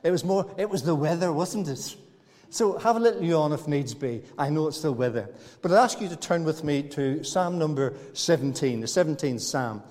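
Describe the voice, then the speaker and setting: A man's voice: on the high side, normal speed, a little mellow. A man preaching a sermon in a church, talking to the congregation in a folksy, good-humored way. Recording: church hall reverb.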